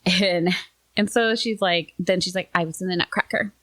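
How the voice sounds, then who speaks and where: A middle-aged woman co-hosting a podcast, telling a family story in a casual, lively way and acting out quotes in higher voices. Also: normal speed. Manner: animated storytelling, acts out quotes in raised voices. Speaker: podcast co-host. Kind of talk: casual chat.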